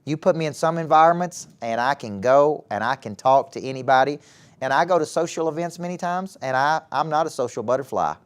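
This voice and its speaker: A man's voice: fairly high pitch, fairly quick, clear, resonant tone. Southern man coaching a room of kids. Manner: animated, asks the audience questions. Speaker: motivational speaker and former coach. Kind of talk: live talk to a youth audience. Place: event hall with a live audience.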